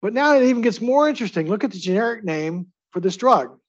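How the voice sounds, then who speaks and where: A pharmacy lecturer teaches a live class about drugs in a chatty style, asking the audience to vote with raised hands. His voice is high with lively intonation and a quick pace, and the recording has its highs cut off.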